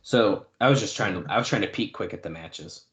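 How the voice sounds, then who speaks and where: A man co-hosting a podcast in casual chat, reading news notes aloud with fillers and now and then clearing his throat. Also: on the low side, fairly quick, fairly bright tone. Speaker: podcast co-host.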